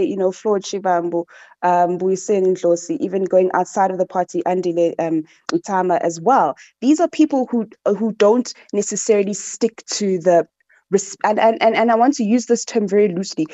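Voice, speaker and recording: A woman's voice: medium pitch, warm tone, no echo, dull audio. A woman with a South African accent, a social and political commentator in a radio discussion, who often repeats words while she searches for her point.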